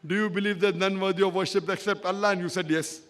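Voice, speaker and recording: A man's voice: sits high, fairly even intonation, fast talker, fairly bright tone. A man lecturing in a public question-and-answer talk, emphatic and repetitive, often checking that he is understood. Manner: emphatic, repeats points, checks agreement with "correct?". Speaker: Islamic lecturer answering an audience member.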